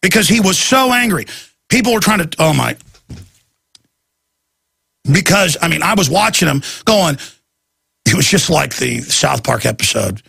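A man's voice: on the high side, very animated, a little slow, gravelly, long pauses, bright, forceful tone, husky, no echo. A man hosting a talk show, delivering a rambling, ranting monologue full of restarts and stammers, acting out other people's voices. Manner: acts out quoted people in shifting voices.

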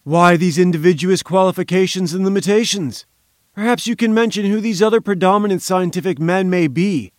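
A man's voice: high-pitched, fairly quick, no echo, clean studio sound, voice pushed up, natural voice. A man voicing an irascible, pompous bearded professor who blusters with haughty indignation in an audiobook. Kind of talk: audiobook character voice.

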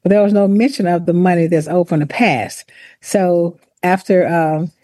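Older woman talking slow and thoughtful in an interview, mellow tone, dry close sound. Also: fairly low pitch, fairly even intonation, no room sound. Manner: deliberate, reflective, with restarts and laughs. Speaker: former university president, author. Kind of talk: interview, personal account.

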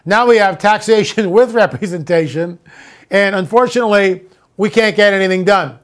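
A man's voice: sits high, normal speed, fairly bright tone. A man hosting his own show, delivering an exasperated, ranting monologue and then telling a story. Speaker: show host. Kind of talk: opinionated monologue.

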